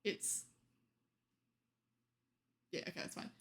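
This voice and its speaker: A young woman streamer chatting casually with viewers late at night, teasing them and laughing often. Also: slow pace.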